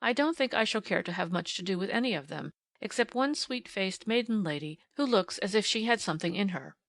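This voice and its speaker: A woman's voice: mid-range voice, lively intonation, fairly quick, dry recording, studio quality. A woman reading a classic novel aloud in scripted first-person audiobook narration, with a wry storytelling manner.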